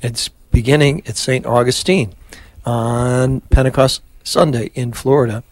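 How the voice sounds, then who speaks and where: A male radio host leading the rosary in steady call-and-response and giving relaxed, chatty announcements on a live prayer broadcast. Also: medium pitch, no room sound.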